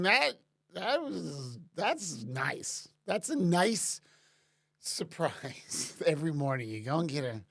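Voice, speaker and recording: A man's voice: on the high side, a bit bright. A man casually answering chat questions on a live stream, rambling with many restarts and fillers. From Canada.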